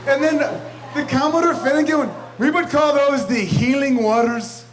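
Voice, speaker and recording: A man's voice: very high voice, normal speed, low-quality recording. A man giving a brash, rambling roast toast at a club party, laughing between his jokes. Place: banquet room with guests. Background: crowd laughing.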